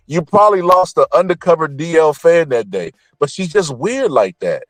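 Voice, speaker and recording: Lively, profane man ranting. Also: on the high side, moderate pace, few pauses, dry recording. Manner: blunt, profane, animated ranting. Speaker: commentator. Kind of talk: opinionated celebrity commentary.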